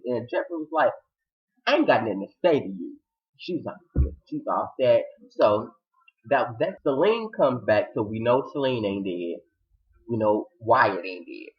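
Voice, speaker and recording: A man giving an animated recap of a TV episode, acting out the characters' lines with sudden high-pitched outbursts. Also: normal speed, muffled recording. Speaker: TV episode reviewer.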